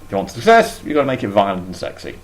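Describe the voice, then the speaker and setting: A man's voice: on the low side, huge pitch swings, very fast. Chatty opinionated man. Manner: chatty, opinionated, restarts often. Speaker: podcast co-host. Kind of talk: casual chat.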